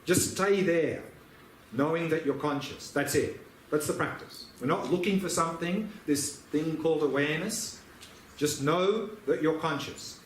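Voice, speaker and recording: A man's voice: a little high, unhurried, a little hiss or hum. A man teaching meditation, answering questions with patient, repetitive explanations. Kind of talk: dharma teaching Q&A. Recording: echoey room, faint ambience.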